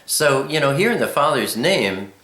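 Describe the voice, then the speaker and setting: A middle-aged man explaining Hebrew letters and names slowly, with many ums and uhs. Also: mid-range voice, sing-song, a bit bright, echoey room. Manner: slow, thoughtful explanation. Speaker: Bible teacher.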